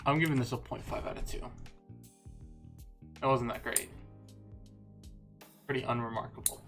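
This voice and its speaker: Casual streamer with a gravelly voice. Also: mid-range voice, slow, pauses often, soft background music. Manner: laid-back, joking, swears casually. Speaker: stream co-host reading a webcomic aloud. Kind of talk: casual chat.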